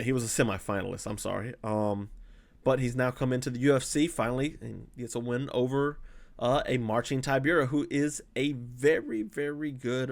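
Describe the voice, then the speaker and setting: A man's voice: mid-range voice, creaky. A man in his forties giving a casual, conversational breakdown of fights as a channel host. He corrects himself as he goes and gives blunt opinions. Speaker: MMA analyst and channel host.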